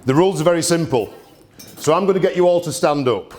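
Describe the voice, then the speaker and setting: A gin distillery host runs a live tasting, addressing the crowd bluntly and trading cheeky banter. His voice is on the high side, quick, and somewhat dark in tone. Audience murmurs and laughter fill the background.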